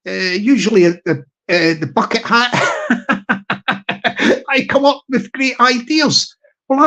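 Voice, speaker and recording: A man from Southwest England, chatting casually on a livestream in a rambling, jokey way that keeps circling back on itself. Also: extremely high pitch. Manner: rambling, jokey, repeats himself.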